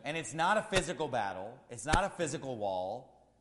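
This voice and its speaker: A male pastor preaching an impassioned sermon, swinging between loud shouts and quiet, low asides. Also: very animated, moderate pace. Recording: long hall reverb.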